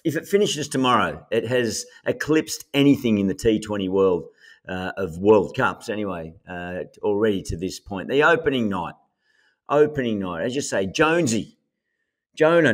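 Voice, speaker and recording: Man, podcast guest, enthusiastic, halting and repetitive, lowish voice. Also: very animated. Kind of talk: casual chat.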